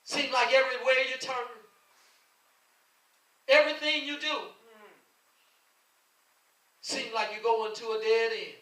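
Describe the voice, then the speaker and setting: A man's voice: very high-pitched, steady tone, measured pace, long pauses, pushed and bright. A male pastor preaching a fervent sermon, repeating his calls with passion, recorded from a distance in an echoing church. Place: church sanctuary.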